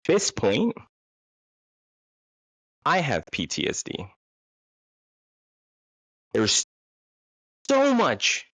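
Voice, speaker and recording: A man's voice: lowish voice, vocal fry, fairly bright tone, no room sound. A man telling a casual, rambling, self-deprecating story about a bad date, full of fillers and restarts.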